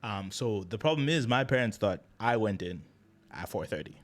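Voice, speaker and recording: A young man casually telling a personal story to the camera, chatty and animated, with lots of fillers and restarts. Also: fairly low pitch, moderate pace. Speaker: vlogger.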